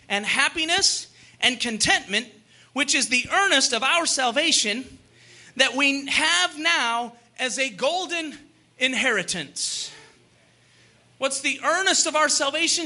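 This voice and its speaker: A young man preaching a sermon, fervent and at times shouting, then easing into joking asides. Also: very high voice.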